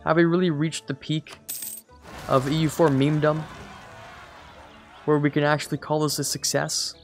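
A man's voice: on the high side, little pitch movement, moderate pace, faint music behind. A man giving casual, rambling commentary on a strategy game as a let's play host, correcting himself and joking as he goes. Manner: rambling, self-correcting, jokey asides.

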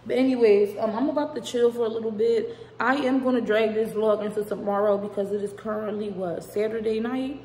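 A woman's voice: fairly high pitch, steady tone, a little fast, few pauses, warm tone, slight background noise. Chatty young woman vlogging, echoey room. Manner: chatty, rambling, uses y'all and slang. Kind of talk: casual chat to camera. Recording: echoey room with long reverb.

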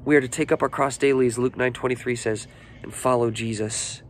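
A pastor in his forties preaching a sermon, earnest and personal, swinging between lifted, emphatic phrases and hushed, emotional ones. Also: medium pitch, fairly even intonation, a little fast, slight background noise. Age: 40s.

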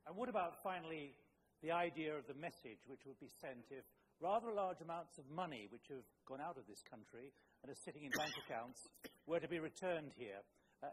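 A man moderating a televised panel debate, briskly steering questions to the guests. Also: fairly high pitch, a little hiss or hum. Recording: long hall reverb.

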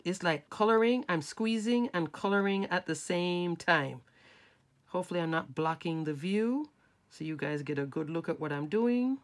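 Lady walking you through a craft project, lowish voice, chatty and easygoing as she works. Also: normal speed. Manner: chatty, instructive, talks while working with hands. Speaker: crafting tutorial host. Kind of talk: casual step-by-step craft demonstration.

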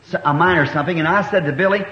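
A man's voice: on the high side, very fast, sharp tone. A middle-aged man preaching in a folksy, colloquial way, spinning homespun stories with rural grammar in a church meeting hall. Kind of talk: folksy sermon storytelling. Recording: echoey, dull 1960s meeting recording.

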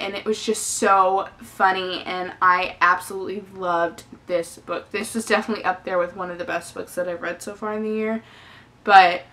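Young woman book vlogger, bright voice, gushy and chatty, lots of likes and definitelys. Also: medium pitch. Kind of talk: casual book tag vlog.

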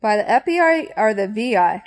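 A woman's voice: a little high, big pitch swings, a little fast. A woman on a phone call who is polite, plays confused and keeps asking questions back. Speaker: call recipient.

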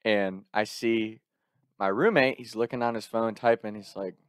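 A young man tells a story casually, talking animatedly, swearing often and breaking off into quick asides and restarts. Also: lowish voice, fairly even intonation, dry recording, clean studio sound.

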